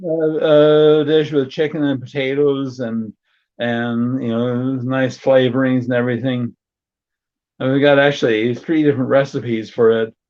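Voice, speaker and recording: A man's voice: medium pitch, flat delivery, measured pace, darkish tone, lo-fi sound. A man telling jokes and chatting casually in a live group video call. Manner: folksy joke-teller. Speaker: participant.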